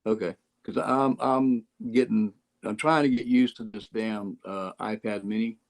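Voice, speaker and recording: A man's voice: lowish voice, fairly even intonation, a little slow, vocal fry. A man joining a casual chat as a guest, laid-back and self-deprecating.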